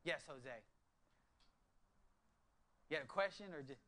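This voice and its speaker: A man in his thirties preaching a sermon to his church, moving from hushed, earnest low tones to excited bursts. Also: measured pace. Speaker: pastor.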